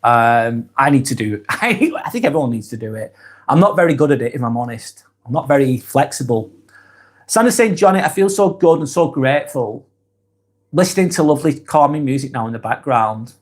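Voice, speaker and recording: A man hosting a live stream, reading viewers' comments aloud and chatting back in a relaxed, easygoing way. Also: medium pitch, a little fast. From England. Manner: laid-back, chatty, trails off softly at phrase ends.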